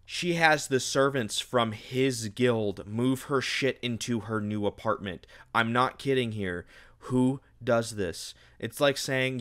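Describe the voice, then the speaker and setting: A man's voice: mid-range voice, slow, fairly bright tone. A young man giving a casual, sarcastic, exasperated book review, ranting and mocking as he retells the plot.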